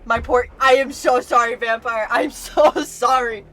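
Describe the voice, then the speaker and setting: A woman streamer reacting live, excitable, casual and swearing freely as she shouts and laughs. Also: a little high, unhurried.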